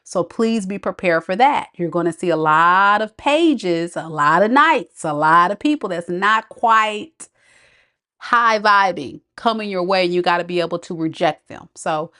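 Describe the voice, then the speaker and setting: A woman's voice: lowish voice, fairly bright tone. A woman tarot reader, chatting on a live stream, reading viewers' comments aloud and laughing often. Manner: chatty, reads chat aloud, frequent laughter.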